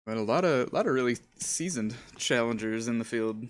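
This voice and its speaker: A man's voice: mid-range voice, expressive, normal speed. A man commentating a live sim racing stream, joking around, laughing often and stumbling over names. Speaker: race commentator.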